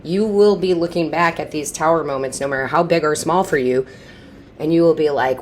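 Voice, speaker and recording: Low-voiced woman reading tarot. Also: a little fast, a little hiss or hum. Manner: reassuring, repeats phrases for emphasis; chatty, restarts mid-sentence. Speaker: tarot reader.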